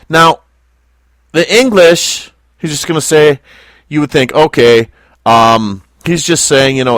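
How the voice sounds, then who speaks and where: A man teaching a Bible lesson to a small group, speaking slowly and deliberately and putting questions to his listeners. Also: a little high, fairly bright tone, dry recording, clean studio sound. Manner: slow, deliberate, asks the class questions.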